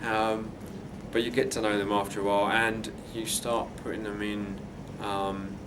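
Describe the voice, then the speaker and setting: A man's voice: on the low side, level tone, normal speed, noisy background. A man with an English accent picking up some Australian, answering interview questions casually with lots of ums and laughs. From England. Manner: laughing, hesitant, with many ums.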